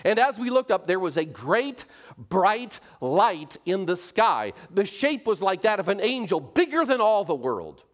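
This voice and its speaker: An earnest, excited shepherd, as a man reading a storybook puts him on tells it with insistent eagerness. The voice sits high and swings widely in pitch. He is a plain working man, urgent and sure of what he saw. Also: unhurried. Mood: awed.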